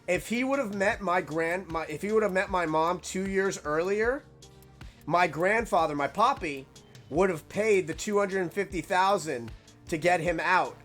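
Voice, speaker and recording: A young man telling a casual, rambling story, animated and full of "like" fillers. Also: high voice, normal speed, soft background music.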